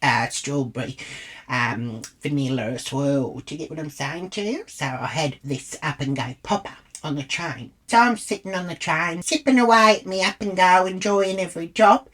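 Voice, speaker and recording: An Australian woman vlogger tells a rambling storytime anecdote, blunt, crude and swearing freely. Her voice sits low and a bit bright, at a moderate pace.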